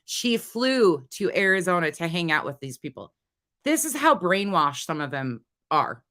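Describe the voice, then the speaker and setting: A woman's voice: fairly low pitch, big pitch swings, measured pace, sharp tone. A woman hosting a livestream, talking to her chat in a heated, swearing, casual way. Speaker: livestream host.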